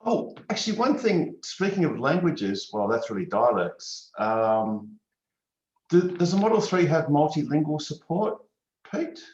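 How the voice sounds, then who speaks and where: A man's voice: a little high, big pitch swings, unhurried, darkish tone. Joking male host in a roomy sound. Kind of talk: casual panel chat. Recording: roomy, slightly dull sound.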